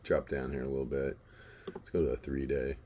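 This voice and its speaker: A man with a very deep, dark voice speaks briskly with little pitch movement. He hosts a live trading stream, chatting casually about charts in a laid-back way, swearing and laughing as he tells stories.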